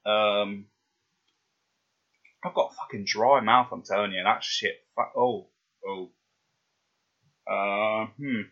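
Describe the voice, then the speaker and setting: A man's voice: lowish voice, steady tone, slow, pauses often, a bit bright, highs cut off. A man voice actor ranting between takes, sweary and exasperated.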